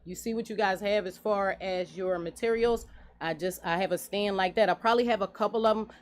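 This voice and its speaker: A woman in her forties, a guest business owner in a radio studio interview, talking in an earnest, animated way. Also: medium pitch, a little fast. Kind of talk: casual interview talk.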